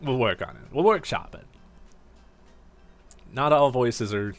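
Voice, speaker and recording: A man's voice: mid-range voice, lively intonation, unhurried, long pauses. A man giving casual, rambling commentary while streaming a game, laughing at himself. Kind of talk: casual let's-play commentary.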